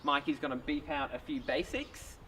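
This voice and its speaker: A man hosting a comedy sketch, translating in a deadpan, mock-serious way. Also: on the high side, moderate pace, a little hiss or hum. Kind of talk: comic skit, deadpan translating. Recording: distant mic with loud music.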